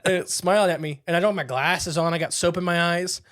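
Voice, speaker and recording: A man's voice: sits high, fast, no echo, clean studio sound. A young man hosting a casual podcast, telling stories with animation and reading listener accounts aloud. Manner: animated storyteller, laughs while telling. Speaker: podcast host.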